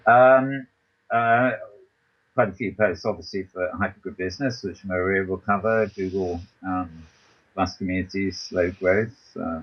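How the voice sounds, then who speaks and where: A man's voice: lowish voice, lo-fi sound. A man hosting a talk show, reading a news roundup and hesitating often with ums and restarts, over a voice call from his computer. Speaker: podcast host.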